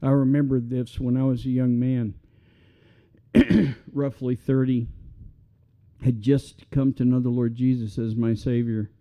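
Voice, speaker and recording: A man's voice: medium pitch, flat delivery, a little slow, warm tone. A middle-aged man preaching a sermon as a pastor, talking in an earnest, conversational way that builds to passionate appeals.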